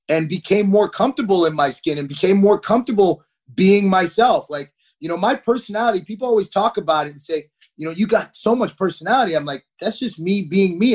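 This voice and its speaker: A man in his thirties, a hockey player telling stories as a podcast guest, animated and acting out what people said. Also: high voice. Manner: animated, acts out quotes. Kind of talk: podcast interview, storytelling.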